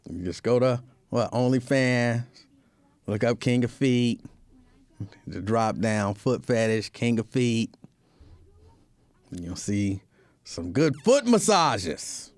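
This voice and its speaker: A man's voice: medium pitch, very animated, slow, long pauses, no echo. A man hosting a show, telling a comedic casual monologue with joking, repetitive asides. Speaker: show host.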